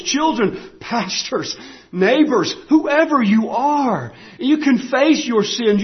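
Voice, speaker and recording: A man preaching a sermon as pastor, emphatic, repeating key phrases and swinging from loud declarations to hushed lines. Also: sits high, lo-fi sound.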